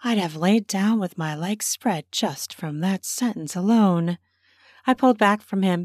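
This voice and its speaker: A woman narrating her own erotic story in a slow, intimate way, slipping into whispers. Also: medium pitch, darkish tone, no echo, clean studio sound.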